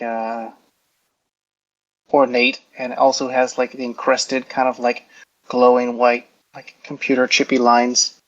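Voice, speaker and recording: A man talks slowly through his turn at a tabletop game, wandering through his descriptions with lots of "like" and "um". His voice sits at an ordinary pitch. The recording has a dull, lo-fi sound. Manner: rambling and halting, heavy on "like" and "um" fillers. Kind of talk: casual in-character describing of his hero's actions. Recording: dull lo-fi audio.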